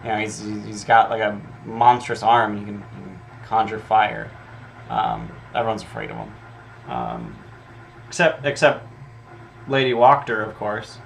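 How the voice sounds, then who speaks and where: Guy doing game prep out loud, lowish voice, lots of ums and swearing, faint hum behind. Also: lively intonation, a little slow, vocal fry. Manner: filler-heavy, profane, thinking aloud. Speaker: game master prepping an adventure. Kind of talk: casual solo prep talk, reading notes aloud.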